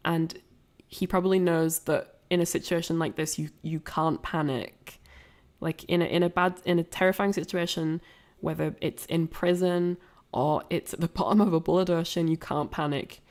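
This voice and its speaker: A woman's voice: deep voice, fairly even intonation, normal speed, darkish tone. A woman giving a casual, rambling film commentary, full of fillers and restarts. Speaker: streamer analysing a film.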